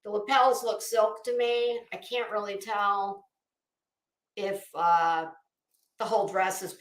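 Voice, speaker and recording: A woman's voice: high voice, a bit bright, reverberant. A middle-aged woman giving chatty, opinionated fashion commentary in a sassy, casual way.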